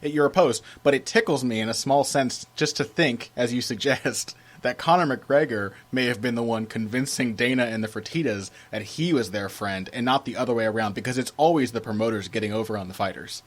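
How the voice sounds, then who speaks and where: A man co-hosting a podcast, talking in an easy, casual way. He sounds lively and emphatic and often laughs between thoughts. His voice sits at an ordinary middle pitch. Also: brisk, few pauses. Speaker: podcast co-host. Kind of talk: casual chat.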